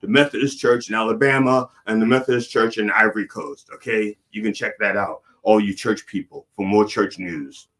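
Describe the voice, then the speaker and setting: A man's voice: fairly low pitch, steady tone, normal speed, hardly any pauses, a bit bright. A middle-aged man delivering a rambling, profane mock sermon as a comedic preacher host.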